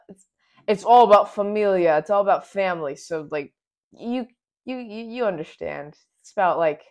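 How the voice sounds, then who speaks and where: Talking in a low voice with vocal fry, a woman gives a casual spoiler review of a film. She's excitable and rambling, often restarting her sentences.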